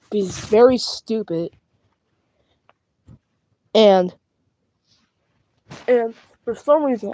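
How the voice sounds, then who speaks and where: A woman's voice: medium pitch, a little mellow, no room sound. A young woman with a British accent voices two plush toys in a playful skit at home, bickering with herself and stumbling over her words. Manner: bickering back and forth between two characters in one voice; stumbling, restarting and rambling. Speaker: puppeteer voicing plush toys.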